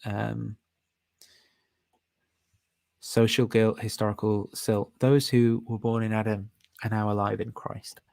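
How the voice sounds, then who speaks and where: A man's voice: lowish voice, flat delivery, slow pace, creaky, long pauses, a little mellow, dry recording. A man hosting a casual livestream, rambling and thinking aloud with frequent fillers and self-amused laughs. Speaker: host.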